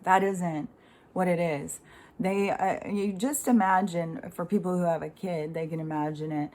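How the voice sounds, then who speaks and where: Middle-aged woman with a lower voice and a loose, rambling delivery for a casual spiritual monologue. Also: fairly even intonation, a little slow, a little mellow. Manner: rambling and conversational, many fillers, casual swearing. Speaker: spiritual speaker.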